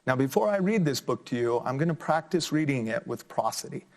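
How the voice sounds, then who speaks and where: A man teaching a children's lesson, reading a picture book aloud with expressive jumps up in pitch on the sound words. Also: brisk.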